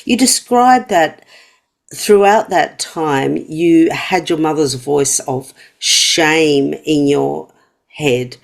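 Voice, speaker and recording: Woman host, low voice, empathetic interviewer. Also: extremely slow, gravelly. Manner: empathetic, affirming. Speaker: podcast host. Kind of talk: interview hosting.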